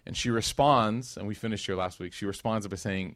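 A man's voice: lowish voice, brisk, few pauses, fairly bright tone, dry recording. Man retelling a religious story, dry close sound. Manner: conversational, with many fillers and restarts; dramatic retelling that acts out the quoted speech. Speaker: religious teacher. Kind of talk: casual religious storytelling class.

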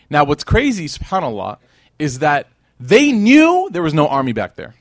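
A man's voice: fairly high pitch, moderate pace, no room sound, studio quality. A man giving a storytelling religious lecture to a live audience, full of rhetorical questions and acted-out quotes. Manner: animated, with rhetorical questions to the crowd; acts out quoted people. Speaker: religious teacher.

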